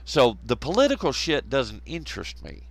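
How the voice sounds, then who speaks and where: A man's voice: medium pitch, sing-song, moderate pace, vocal fry, dry recording. A man hosting a casual live stream, rambling, laughing often and bantering with viewers in chat.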